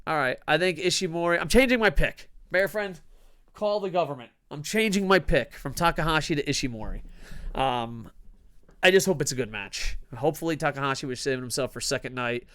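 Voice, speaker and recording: A man hosting a wrestling news show in a casual, grumpy, profane rant that swings from low mutters to loud outbursts. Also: brisk.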